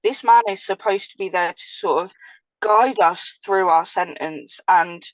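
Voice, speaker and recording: A woman's voice: on the low side, a little slow, dry recording, rough recording. An English woman, a former prisoner, telling her story in casual chat, blunt and vivid, swearing freely. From England.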